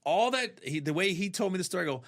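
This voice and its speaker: A male comedian tells a story in a loose, casual chat. His voice sits a touch high, and he jumps into the voices of the people in his tale as he goes. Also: expressive, fast, a bit bright.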